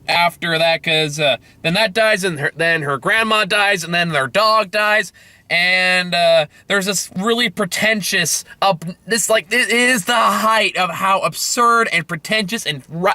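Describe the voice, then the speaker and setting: A man's voice: sits high, sharp tone, no room sound. A young man reviewing a movie from inside his car, rambling and exasperated, swearing often and restarting his sentences.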